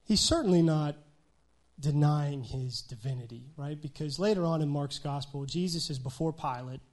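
A man preaching a sermon in a conversational style, often checking in with "right?" and swinging between loud emphasis and quiet asides. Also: a little high, normal speed. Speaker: pastor.

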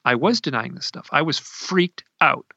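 A man's voice: a little high, lively intonation, moderate pace, gravelly, pushed and bright, no echo, muffled recording. A man from Idaho, a guest telling a personal story in a casual, rambling way with many restarts. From Idaho, USA.

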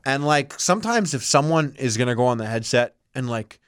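A man hosting a casual podcast, telling animated stories and acting out quotes. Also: mid-range voice, brisk, clean tone, no echo, studio quality. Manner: animated storyteller, acts out quotes. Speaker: podcast host.

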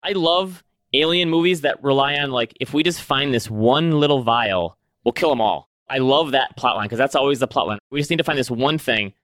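Male podcast co-host, casual and chatty, mid-pitched voice, dry close recording. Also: brisk, no echo. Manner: relaxed, chatty, lots of "like" fillers. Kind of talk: casual chat.

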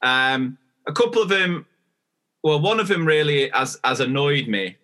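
Bright-voiced chatty man. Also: a little high, animated, unhurried. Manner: chatty storytelling, acts out dialogue. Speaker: podcast co-host. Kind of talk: casual chat.

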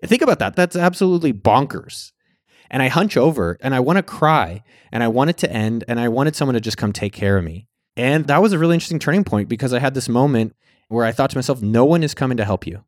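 Man, vlogger, casual first-person storytelling, candid, swears a lot, mid-pitched voice, dry close sound. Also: lively intonation, fast talker, dry recording. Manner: candid, swears freely, acts out his own past words.

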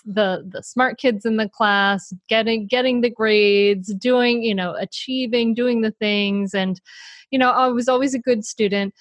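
A woman's voice: fairly high pitch, measured pace, dry recording. Mid-aged woman chatting about her book, laughs a lot, trips over words, dry sound. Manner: animated, laughs often, many restarts. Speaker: author and parenting coach. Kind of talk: casual interview talk.

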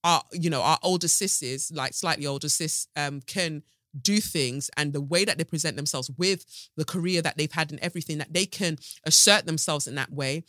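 With a low voice and a sharp tone at a normal pace, a woman runs her podcast from the sofa at home. The monologue is casual commentary, emphatic and full of sass, recorded at studio quality without any echo.

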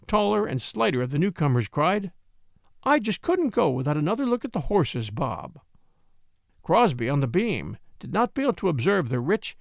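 Guy narrating an audiobook, lively up-and-down voice, dry close mic. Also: fairly high pitch, vocal fry, no room sound. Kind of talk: scripted narration.

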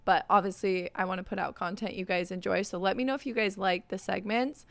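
A woman's voice: mid-range voice, fairly even intonation, brisk, gravelly, a bit bright, dry recording. A young woman hosting a solo podcast, talking in an upbeat, chatty way and saying "like" constantly. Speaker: podcast host. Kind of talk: casual solo podcast chat.

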